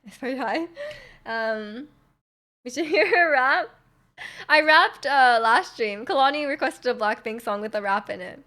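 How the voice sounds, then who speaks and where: A woman's voice: a little high, animated, normal speed, fairly bright tone. A young woman chatting casually with her livestream viewers, rambling loosely and answering their questions as they come in. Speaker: livestreamer reading chat.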